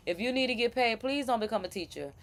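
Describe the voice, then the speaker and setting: A woman's voice: a little high, animated, fast talker. A young woman hosting a casual live chat, chatty and rambling, with laughing asides and many restarts. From Florida. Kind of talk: casual commentary.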